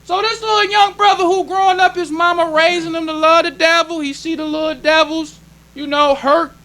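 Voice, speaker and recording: A man's voice: extremely high pitch, fairly even intonation, a little fast, sharp tone. A man preaching a sermon as minister, emphatic and plainspoken, repeating his points. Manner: plainspoken, conversational delivery.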